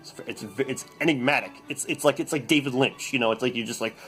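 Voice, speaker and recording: A man hosting a comedy bit, reading a novel aloud in mock-serious deadpan, rambling and stammering through his asides. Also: medium pitch, quick pace, faint music behind. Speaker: comedy host.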